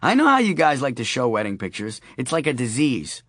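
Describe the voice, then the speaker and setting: A man's voice: mid-range voice, wildly swooping pitch, fairly quick, a bit bright, no room sound, voice pushed up. A male narrator voicing a worried young father with wry, earnest humor, recorded dry and close.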